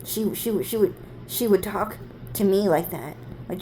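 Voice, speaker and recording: A woman's voice: medium pitch, measured pace, dark tone, a little hiss or hum. A woman vlogger telling a story casually, rambling and swearing, with plenty of fillers and side remarks.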